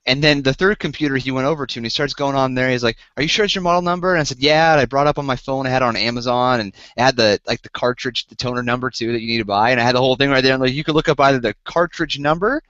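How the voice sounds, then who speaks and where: A man hosting a podcast, telling a story and acting out both sides in an animated, incredulous way. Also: medium pitch, rapid-fire, hardly any pauses, no echo. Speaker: podcast host. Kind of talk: casual storytelling chat. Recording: dull lo-fi podcast audio, dry.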